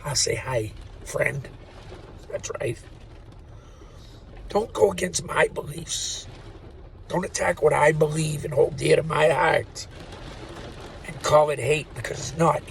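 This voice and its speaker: A man's voice: on the high side, gravelly, a little hiss or hum, poor audio. A man who works at a post office, rambling in an opinionated monologue to the camera, swearing freely and laughing at his own jokes. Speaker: postal worker vlogger.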